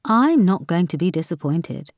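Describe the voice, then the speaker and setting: A woman voicing an eager, romantic wife who coaxes and pleads in a raised, lively voice. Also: lowish voice, moderate pace, no room sound, clean studio sound. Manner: eager, pleading, bright-toned.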